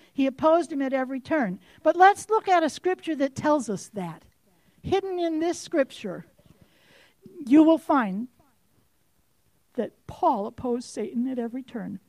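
A woman with a high voice preaches a fervent sermon, pressing questions on her listeners and building to forceful outbursts. The sound is close and dry, with no room around it. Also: no echo. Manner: impassioned, rising to forceful outbursts.

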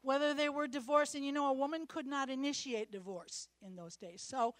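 A middle-aged woman preaching a sermon in an animated way, acting out Bible characters and dropping at times to a hushed whisper. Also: high voice, fairly quick, no echo.

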